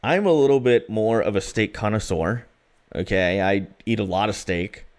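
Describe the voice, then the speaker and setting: A man's voice: lowish voice, moderate pace. A man co-hosting a podcast, chatting casually and telling rambling stories with plenty of fillers. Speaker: podcast co-host.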